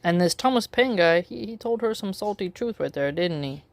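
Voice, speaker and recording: A woman giving casual opinion commentary in a wry, measured way, drawing out her phrases with pauses. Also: mid-range voice, animated, no room sound. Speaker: political commentary vlogger.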